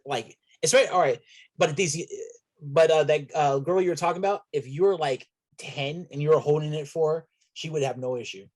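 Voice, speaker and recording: A man as a podcast guest in a casual chat, talking in a relaxed, hesitant way with many fillers. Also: a little high, normal speed.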